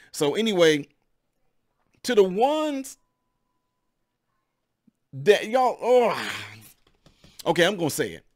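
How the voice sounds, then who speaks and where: A man hosting his own channel, giving heated, rambling opinion commentary to his viewers. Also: high-pitched. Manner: animated, rambling, addresses viewers as y'all.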